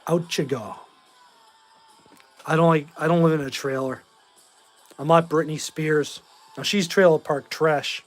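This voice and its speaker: A man's voice: a little high, fairly even intonation, moderate pace, faint music behind. A tired man in his forties from Massachusetts, hosting a casual livestream and talking bluntly and in rambling fashion as he answers chat. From Massachusetts, USA. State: tired, short on sleep.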